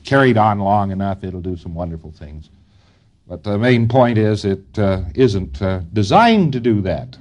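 A man giving an informal lecture to trainees, rambling and folksy, often pausing on fillers. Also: lowish voice, darkish tone.

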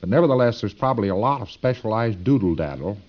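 A man's voice: fairly low pitch, animated, fast talker, highs cut off. A man giving a lecture to students in a folksy, emphatic, digressive way.

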